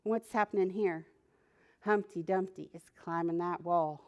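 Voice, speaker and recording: A children's librarian reading a picture book aloud to preschoolers, animated and asking the children questions. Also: female voice, lowish voice, moderate pace, muffled recording.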